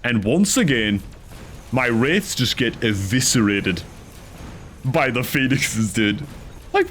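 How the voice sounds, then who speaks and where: A man giving casual, animated commentary over his own strategy game match, chatty and frustrated at his misplays, dropping "dude" and "man" constantly. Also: mid-range voice. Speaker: gameplay commentator.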